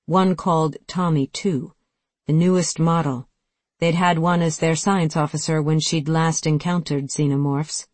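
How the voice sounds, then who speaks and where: An audiobook narrator reads a tense science fiction story in a steady, dramatic delivery. The voice sits at a middle pitch, and the recording is dry and close, with no room sound. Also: measured pace, no room sound. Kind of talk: scripted narration.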